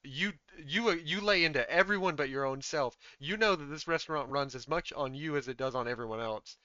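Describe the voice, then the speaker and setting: A man's voice: a little high, brisk, sharp tone, no echo, muffled recording. A man voicing a grown son who firmly reproaches his father. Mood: reproachful.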